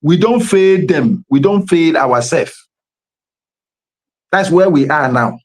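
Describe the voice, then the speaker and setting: A man's voice: a little high, lively intonation, slow. Impassioned Nigerian man on a call. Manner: impassioned, uses proverbs and pidgin. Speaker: guest commentator. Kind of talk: live online political discussion. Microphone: remote audio call.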